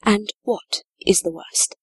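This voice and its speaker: A woman's voice: slow, dry recording, natural voice. A woman voicing a proud, defiant young noblewoman who answers in short, clipped lines. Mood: shaken.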